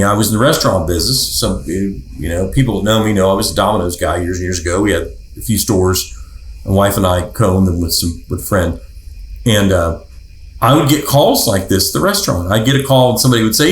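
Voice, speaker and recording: A man hosting a podcast, telling a personal anecdote casually and acting out the people in it. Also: lowish voice. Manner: animated, acts out the voices of people in his anecdotes. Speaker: podcast host. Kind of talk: casual storytelling. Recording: roomy echo.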